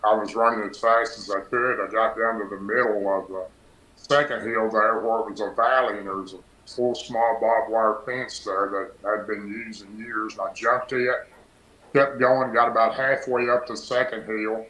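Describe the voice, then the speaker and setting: Low, bright-toned man telling a story. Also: level tone, moderate pace. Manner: rambling, breathless story with many "and"s. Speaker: podcast guest. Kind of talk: storytelling in a casual interview. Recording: roomy echo.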